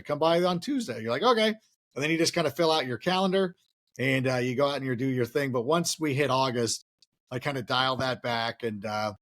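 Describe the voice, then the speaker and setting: A man guesting on a podcast, chatting casually and telling long rambling comic stories with quick voice shifts. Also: mid-range voice.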